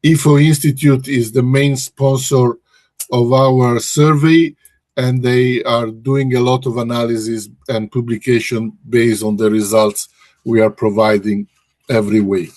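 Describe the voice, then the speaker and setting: A man's voice: medium pitch, little pitch movement, a little slow, a little mellow, no echo. A man hosting a research webinar, speaking hesitantly and often correcting himself. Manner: hesitant, frequent restarts and self-corrections. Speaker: webinar host and research director. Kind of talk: presenting a webinar. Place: office in Brussels.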